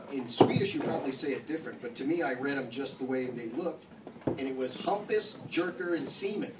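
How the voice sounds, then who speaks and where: A man with a New Jersey accent doing a brash, profane stand-up comedy set. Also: mid-range voice. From New Jersey, USA. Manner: brash, profane, swings into loud mock-angry bits. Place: comedy club stage. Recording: echoey club from far off with noise.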